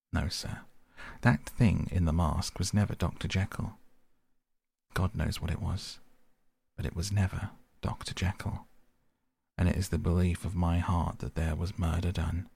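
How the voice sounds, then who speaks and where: A man's voice: sits low, vocal fry, a little mellow, husky, full character voice. A man voicing a loyal, frightened old male butler who speaks in plain, earnest servant's talk.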